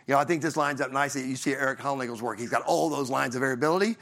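A man's voice: medium pitch, racing, vocal fry, a bit bright. A middle-aged man from Tennessee giving a conference talk in a conversational way, often asking the audience questions and tagging lines with "right?". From Southern US, Tennessee. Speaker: conference speaker.

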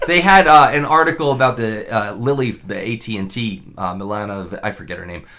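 A man's voice: lowish voice, a little fast, crowd noise. A man co-hosting a podcast, bantering loosely, rambling with restarts and frequent laughs. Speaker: podcast co-host. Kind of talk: casual banter.

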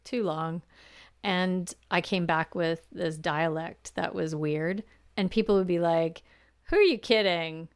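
Woman hosting a podcast, low voice. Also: fairly even intonation, slow, clean tone, no echo, studio quality. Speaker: podcast host. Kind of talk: casual chat.

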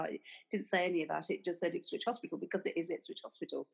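A woman, telling a story in casual conversation. She acts out the quoted back-and-forth of an argument, talking haltingly, with fillers and restarts. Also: lowish voice, fairly even intonation, vocal fry, a little mellow, breathy edge, low-quality recording. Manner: retells arguments by acting out quoted dialogue.

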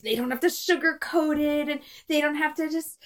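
Middle-aged lady matchmaker chatting on a podcast, high voice, laughs a lot, does little voices for quotes. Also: fairly even intonation, moderate pace. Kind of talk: casual podcast chat.

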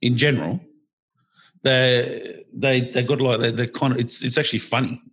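A man's voice: medium pitch, normal speed, slightly rough. A man chatting casually, rambling with lots of restarts. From Australia. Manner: animated, rambling, many restarts. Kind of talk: casual podcast chat.

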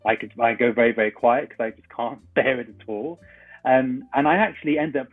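A man's voice: medium pitch, a little fast, no room sound, faint music behind. A male doctor joining a casual chat as a guest, candid and self-mocking about his own quirks. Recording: tinny remote phone-like line.

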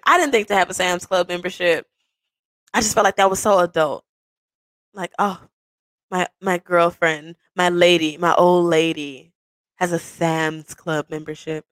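A young woman hosting a podcast, telling a personal story in a casual, animated way, swearing freely and breaking into high, excited bursts and laughter. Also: a little slow, no room sound. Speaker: podcast host.

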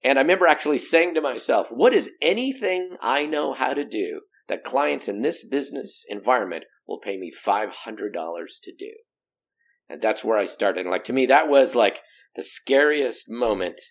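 A man's voice: medium pitch, moderate pace, vocal fry. A middle-aged American man, a guest speaker, telling stories in a casual interview and acting out the voices of people he quotes. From United States. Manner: animated, acts out quoted voices.

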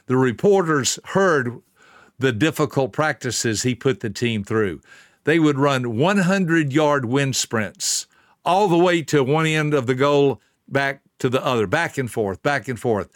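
A man's voice: mid-range voice, lively intonation, unhurried, dry recording, clean studio sound. A man telling a motivational story in an earnest, emphatic way and speaking straight to the listener.

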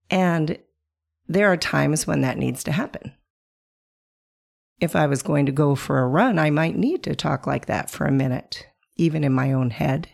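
A woman hosting a reflective solo podcast, calm and coaching, sounding hoarse from a chest virus. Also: sits low. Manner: calm, coaching, asks the listener questions. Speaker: podcast host.

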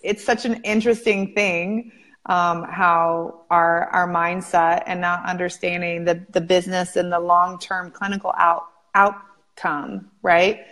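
A woman's voice: lowish voice, measured pace. Chatty woman host telling stories. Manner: animated storyteller, frequent "like". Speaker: interview host, practice coach. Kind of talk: casual interview chat.

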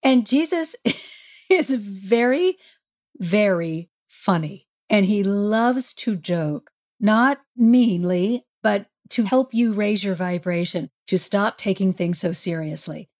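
A woman, a spiritual healer and podcast guest, telling a story in an animated way, often laughing and acting out what people said. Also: mid-range voice, takes it slowly. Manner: lively, laughs often, acts out quotes.

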